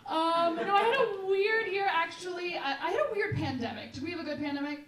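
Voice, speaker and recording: A young woman doing stand-up crowd work, brash and quick, laughing between jokes. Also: very high-pitched. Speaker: stand-up comedian. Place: comedy club stage before a live audience. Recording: roomy live mic from a distance, loud crowd.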